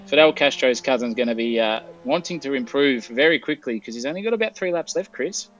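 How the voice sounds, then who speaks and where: A man co-commentating a sim race from a hotel room, jokey and excitable. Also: mid-range voice, fairly quick, lo-fi sound.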